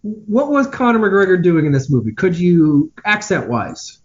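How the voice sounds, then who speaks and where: Lively, exasperated high-voiced man. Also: measured pace. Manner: animated, exasperated ranting. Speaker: podcast co-host. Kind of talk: casual chat. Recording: dull lo-fi sound.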